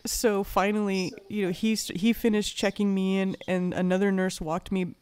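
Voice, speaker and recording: A woman's voice: medium pitch, level tone, normal speed, a little mellow, smooth. A woman hosting a livestream who tells a personal story candidly and bluntly, swearing freely and getting heated as she recounts anger. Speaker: livestream host.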